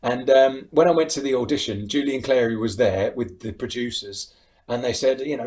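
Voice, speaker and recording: Southern English impressionist guest, lively, mid pitch. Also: male voice, fairly quick. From United Kingdom. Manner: animated, laughs easily, slips into voices. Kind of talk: casual interview chat.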